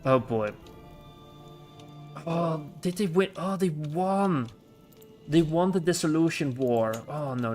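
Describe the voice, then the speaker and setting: A man giving live commentary as he plays a strategy game as a streamer, reacting aloud in an excitable way and laughing often. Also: medium pitch.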